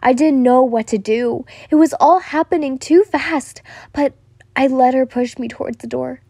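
A woman's voice: high-pitched, moderate pace, mellow, no echo, clean studio sound. A young woman narrating a first-person listener story, stumbling and restarting now and then. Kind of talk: reading a listener-insert story.

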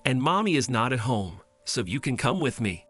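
A man's voice: mid-range voice, very animated, normal speed, a bit bright, soft background music. A man voicing a sweet, sad little girl who talks in an earnest, pleading way.

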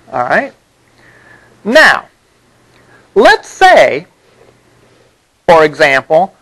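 Male lecturer with a high voice, patient and explanatory, classroom lecture recording. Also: fairly bright tone, low-quality recording. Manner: explanatory, repeats "all right?" to check understanding. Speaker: college instructor.

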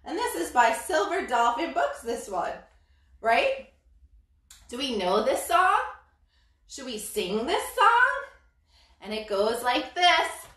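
A woman's voice: high voice, very animated, slow pace, long pauses, a bit bright, recorded from a distance. A woman leading a toddler yoga class, reading a storybook aloud and making playful animal sounds. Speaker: yoga instructor. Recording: roomy sound from off the mic.

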